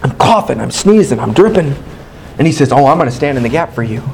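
A man preaches a sermon built around a personal story, told in an animated, candid and self-mocking way as he acts out his own past dialogue. His mid-range voice is fast and creaky, and the low-quality recording carries slight background noise.

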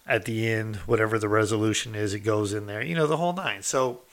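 A man's voice: fairly low pitch, quick pace. A man, a former inmate, telling a story in a loose, conversational way, full of fillers. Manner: loose and conversational, with many fillers like "you know" and "like". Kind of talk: casual spoken storytelling.

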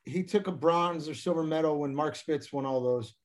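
Laughing, rambling former hockey player. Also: male voice, on the high side, moderate pace. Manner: rambling, laughing, many restarts. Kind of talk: casual storytelling interview.

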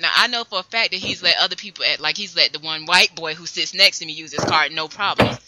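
A woman in her thirties, co-hosting a casual podcast chat and telling stories in an animated, emphatic way with frequent laughs. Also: on the low side, fast, hardly any pauses, heavy background noise. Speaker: podcast co-host.

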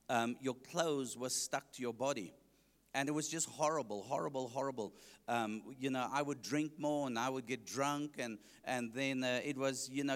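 South African evangelist in a reverberant hall. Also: male voice, mid-range voice. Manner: joking, asks the congregation questions. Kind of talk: testimony preached to a congregation.

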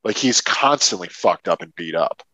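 A man's voice: low voice, expressive, moderate pace, pushed and bright, dry recording, low-quality recording. A man co-hosting a movie podcast, talking casually and emphatically, with some swearing. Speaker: podcast co-host. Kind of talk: casual movie review chat.

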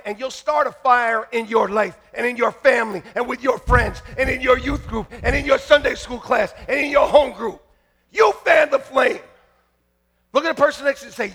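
A man preaching a fiery sermon to his church, shouting and joking by turns. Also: extremely high pitch, creaky, husky. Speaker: pastor. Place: church sanctuary.

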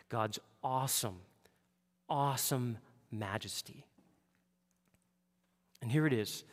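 A man preaching a sermon, animated, moving between hushed and loud passages. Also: on the high side, in a large hall. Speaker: pastor.

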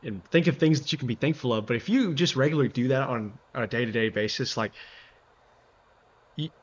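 A man's voice: mid-range voice, a little fast, breathy edge, lo-fi sound. A man, co-host of a faith podcast, reflecting earnestly in casual chat, full of you know and like.

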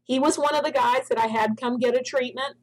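A woman's voice: high-pitched, steady tone, fairly quick, rough recording. A middle-aged woman, a founder of a spa products company, telling a long story in an interview and acting out the dialogue she quotes.

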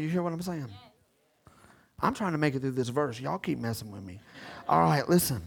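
Animated pastor with gravelly voice. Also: male voice, high voice. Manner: animated, swings from whispers to shouts; playful, conversational with congregation. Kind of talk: sermon.

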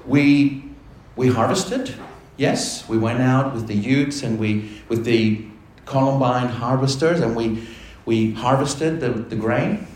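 A man preaching a sermon as pastor, animated and putting questions to the congregation. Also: mid-range voice, slow, slight background noise. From Australia. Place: church. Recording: echoey church hall with faint ambience.

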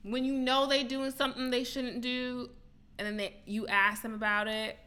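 Brash, bright-voiced woman cursing freely. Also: on the high side, little pitch movement, normal speed. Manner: brash, profane, emphatic. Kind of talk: casual chat.

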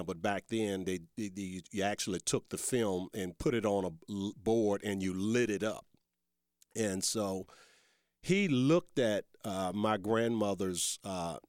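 A man's voice: fairly low pitch, no room sound, studio quality. A man hosting a talk radio show, folksy and rambling, calling his listeners folks and growing emphatic and heated as he argues.

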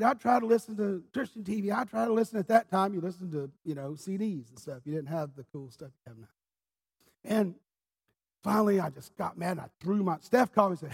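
A pastor preaching a sermon in church, telling his story with passion, dropping low and then rising to shouts. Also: fairly quick, creaky, slightly rough. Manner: impassioned storyteller, swinging from quiet to shouting.

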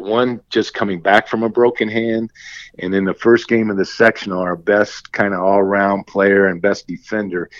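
A man's voice: fairly low pitch, no echo. An older man from Indiana, a former basketball coach, telling long stories with many restarts as an interview guest. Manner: rambling, many restarts, acts out quoted talk. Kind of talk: storytelling interview chat. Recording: dry, slightly dull recording.

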